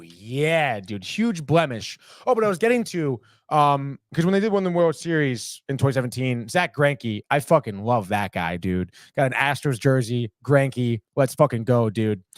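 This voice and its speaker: A man's voice: mid-range voice, no echo, clean studio sound. A young man hosting a live sports talk show, rambling and heated, swearing freely and saying "dude" a lot. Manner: profane, rambling, heated, says "dude" often. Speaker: sports podcast host. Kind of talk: casual live sports chat.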